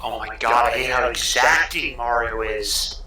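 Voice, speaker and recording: A man chats sardonically and crudely alongside a game stream. His voice is very bright and tense, and it rings out in a very echoey space. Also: mid-range voice, unhurried, slight background noise. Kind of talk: casual chat. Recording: very echoey room.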